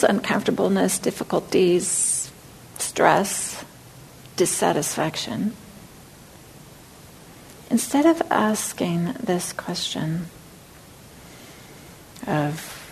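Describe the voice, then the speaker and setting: A woman leads a dharma talk with a gravelly, fry-touched voice at a middling pitch. She speaks gently and reflectively as a meditation teacher, at times easing down into a soft near-whisper. A faint hum sits behind her. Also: unhurried, pauses often, low-quality recording.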